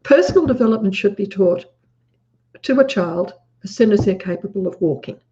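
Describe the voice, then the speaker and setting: A woman's voice: medium pitch, expressive, brisk, warm tone. Australian woman with a dull lo-fi sound. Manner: earnest, storytelling, acts out quotes. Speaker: guest. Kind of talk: casual conversation. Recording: dull lo-fi audio.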